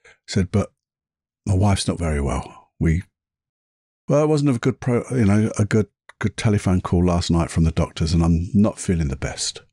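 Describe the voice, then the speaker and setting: A man's voice: low-pitched, expressive, normal speed, warm tone, husky, no echo, studio quality. A man hosting a podcast, telling personal stories in a chatty way and laughing at his own anecdotes. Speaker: podcast host. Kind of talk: casual storytelling monologue.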